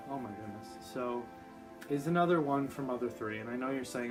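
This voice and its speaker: Male vlogger, mid-pitched, excitable and rambly, music bed underneath. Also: brisk. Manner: excitable, gushing, rambling with many fillers. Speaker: YouTuber. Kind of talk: casual gaming vlog.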